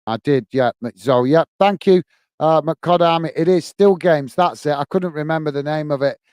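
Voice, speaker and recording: This UK host runs a live football watch-along, commentating on the game while chatting with viewers and thanking commenters by name. His slightly high voice is smooth and a little mellow, moving at a moderate pace in a dry, studio-quality recording. He rambles amiably with lots of fillers and restarts.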